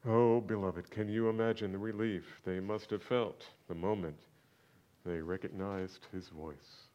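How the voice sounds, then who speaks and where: A man preaching a sermon, swinging from loud, exclaiming questions to hushed, almost whispered lines. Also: low voice, fairly even intonation, a little slow, lo-fi sound. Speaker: pastor.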